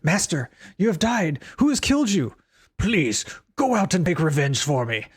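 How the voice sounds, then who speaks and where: A man's voice: on the high side, big pitch swings, moderate pace, slightly rough. A man voicing a grave male messenger who urges a hero to take revenge, in a mock-solemn reading of game text.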